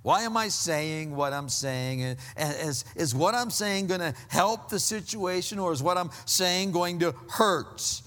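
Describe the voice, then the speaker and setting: A man delivers a sermon in a high, bright, ringing voice. He slows down to press his points and sinks to hushed, low lines for emphasis. The sound carries the long reverb of a church hall. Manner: preaching with sudden drops to hushed, low emphasis. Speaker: pastor.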